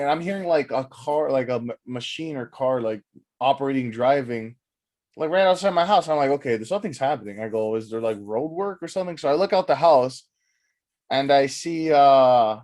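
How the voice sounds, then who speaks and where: Rambling, profane podcast host telling stories. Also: male voice, medium pitch. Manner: rambling, profane, animated, acts out quotes. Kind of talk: casual storytelling monologue.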